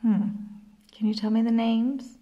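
A woman with a British accent teaching a remote lesson to young children in a slow, sing-song way that often drops to a soft whisper. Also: a little high, level tone, dull audio. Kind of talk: early-years remote lesson.

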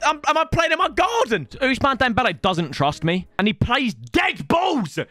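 High-pitched excitable gamer. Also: male voice, normal speed, no echo, soft background music. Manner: excitable, swearing, yelling at the game. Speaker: gaming YouTuber. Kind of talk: let's-play gaming commentary.

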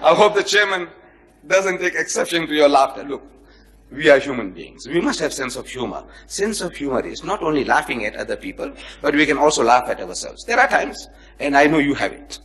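This comparative religion lecturer has a creaky voice on the high side and talks fairly quickly. In front of a live audience, he brings his anecdotes to life by acting out their characters, teasing his listeners one moment and scolding them the next.

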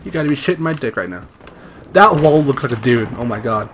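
A young man talks fast in a medium-pitched voice while playing a shooter, offering casual, profane commentary full of excited yelps and laughter. Slight background noise can be heard.

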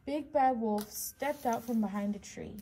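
A woman, a preschool teacher, reading a children's storybook aloud in a slow, expressive way. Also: on the high side, slight background noise.

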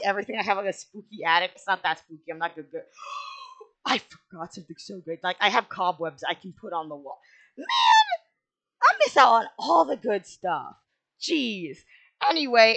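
A woman's voice: lowish voice, bright, forceful tone. A young woman hosting a gaming video, rambling casually with lots of fillers and self-deprecating asides. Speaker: gaming channel host. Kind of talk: casual speed-build commentary.

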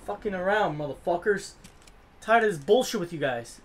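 A man giving let's-play commentary as a gaming host, swearing a lot and swinging from low muttering to yelling at the game. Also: expressive, normal speed, slight background noise.

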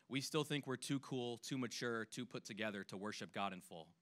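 A man preaching a sermon as a youth pastor, earnest, dropping to a hush and then rising to loud emphasis. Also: medium pitch. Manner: earnest, swings between hushed and loud emphasis; acts out imagined voices when quoting.

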